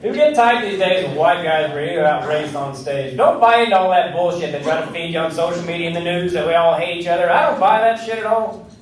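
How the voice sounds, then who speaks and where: A man's high-sitting, fast voice carries a brash, punchy stand-up comedy set on a club stage, complete with voices for the people he quotes. Audience laughter fills the background of this roomy, distant club recording with the crowd present.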